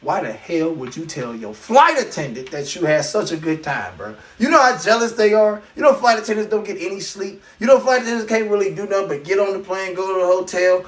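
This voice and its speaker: A man hosting a live podcast, delivering an animated, profane comedic rant full of incredulous asides. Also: sits high, a little fast, hardly any pauses, distant mic. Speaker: podcast host.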